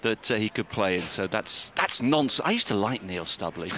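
Man hosting live radio, slightly low. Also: lively intonation, normal speed, pushed and bright, a little hiss or hum. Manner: jokey, bantering. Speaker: radio host. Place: outdoor media centre roof.

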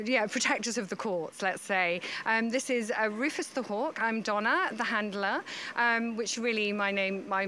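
A woman working as a falconer, answering interview questions in a chatty, halting way with many fillers. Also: on the high side, bright, forceful tone, a little hiss or hum.

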